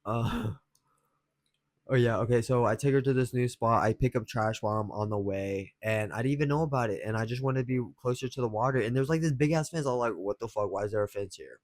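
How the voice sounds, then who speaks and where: A man's voice: mid-range voice, quick pace, dry recording. A young man telling a rambling story in casual chat as a dating advice vlogger, slangy, swearing freely and chuckling often.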